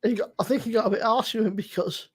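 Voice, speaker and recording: A man's voice: high-pitched, fairly even intonation, very fast, slightly rough. A middle-aged man hosting a casual livestream, chatting with loose, sweary banter and frequent laughs. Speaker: livestream host. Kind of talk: casual chat.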